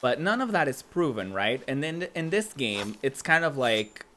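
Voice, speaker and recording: Chatty man with a lively voice, streaming a game. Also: medium pitch, normal speed, a little hiss or hum. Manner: chatty, filler-heavy, laughs often. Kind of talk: casual gameplay commentary.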